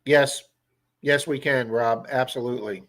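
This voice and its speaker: A man with a Baltimore accent hosts a casual livestream. His voice sits at an ordinary middle pitch, and he chats easily, answering viewers one by one and calling each of them by name. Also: fairly even intonation, unhurried, fairly bright tone. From Baltimore area, USA. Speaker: livestream host.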